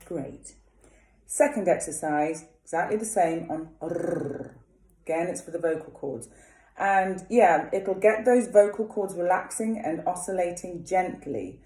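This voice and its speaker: A woman singing teacher leading a vocal warm-up, chatting casually and demonstrating lip trills and vowel exercises. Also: fairly low pitch, unhurried, roomy sound.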